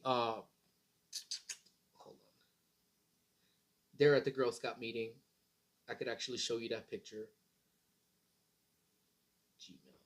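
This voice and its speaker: A man's voice: mid-range voice, fairly bright tone. A man in his thirties hosting a casual morning livestream, rambling in a laid-back way and swearing casually. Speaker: livestream host.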